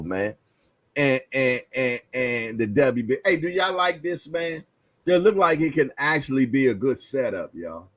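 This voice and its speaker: A relaxed male boxing show host chatting loosely in slang, laughing often and repeating himself. His pitch swings widely as he talks, slow and unhurried, with a dry, close sound. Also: no echo. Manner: laid-back slang, frequent laughs, repeats "yeah, yeah". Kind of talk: casual livestream chat.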